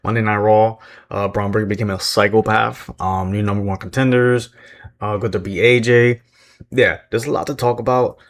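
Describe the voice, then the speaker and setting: A man with a slightly low voice talks through a recap in a loose, rambling way. He fills gaps with "uh" and "um", chuckles often and pokes fun at himself. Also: steady tone, moderate pace. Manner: rambling, self-deprecating, many fillers and chuckles. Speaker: wrestling recap vlogger. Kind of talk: casual recap commentary.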